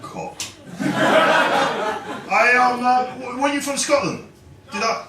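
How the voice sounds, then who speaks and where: A man's voice: extremely high pitch, takes it slowly, far from the mic, background noise. A man doing a stand-up comedy set, chatting and bantering with the crowd. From London. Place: comedy club stage. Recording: roomy live club sound with crowd. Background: audience laughing and clapping.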